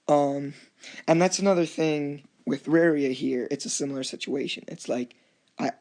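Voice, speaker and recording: A man's voice: medium pitch, creaky, a little mellow. A man casually narrating and commenting on his strategy game match, rambling and acting out chats with other players. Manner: rambling, restarts often, acts out quoted chats. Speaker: gameplay commentator.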